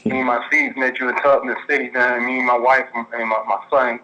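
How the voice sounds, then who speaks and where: A man's voice: medium pitch, little pitch movement, brisk. A man calling in by phone, talking emphatically and ending phrases with "man". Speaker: caller. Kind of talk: phone-in call. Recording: bright tinny phone line.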